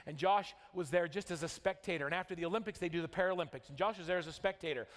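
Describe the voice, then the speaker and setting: A man's voice: high voice, racing. A middle-aged man from Utah giving a motivational convention keynote, telling a story with big rises and sudden drops. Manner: energetic storytelling, rising and dropping for drama. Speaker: motivational speaker. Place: large convention hall. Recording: long hall reverb.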